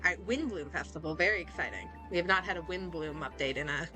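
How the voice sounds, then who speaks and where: A young woman hosting a casual reaction video, excitable and rambling, with lots of fillers and restarts, a little sick. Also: fairly low pitch, fast, music in the background. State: slightly sick. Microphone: desk microphone.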